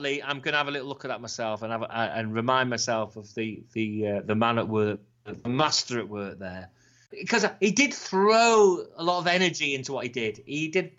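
A man co-hosting a podcast in casual, sweary, animated chat. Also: mid-range voice, a little fast. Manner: sweary, animated, slips into impressions. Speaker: podcast co-host. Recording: slightly dull lo-fi sound.

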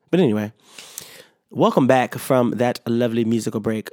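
A solo podcast host speaks fast in a voice on the low side and a little mellow, recorded cleanly in a studio with no room sound. Though sleepy, yawning, and slightly sick, he rambles on casually, swearing often and restarting through lots of fillers.

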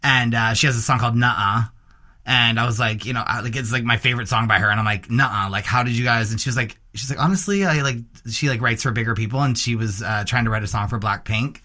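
A male interview host talks quickly and eagerly. He has a bright, forceful voice at a middle pitch and keeps the conversation casual.

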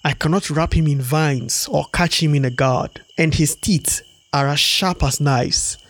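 A man's voice: fairly high pitch, unhurried. Anansi, a man doing a sly spider trickster. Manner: smooth, sly and persuasive. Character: clever scheming male spider trickster. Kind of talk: storybook read-aloud.

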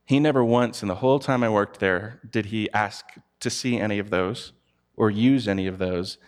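A man's voice: lowish voice, normal speed. A man giving a conversational sermon, telling personal stories candidly. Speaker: preacher.

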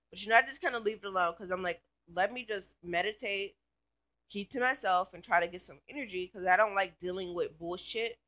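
Woman venting about stuff, rambly, lots of "like", swears a bunch, bright tense voice. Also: mid-range voice. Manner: rambling, filler-heavy, swears freely. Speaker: vlogger. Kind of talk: casual storytime rant.

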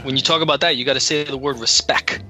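A man's voice: mid-range voice, fairly even intonation, quick pace, music in the background. A man co-hosting a wrestling podcast in casual chat, rambling and getting heated. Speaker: podcast co-host.

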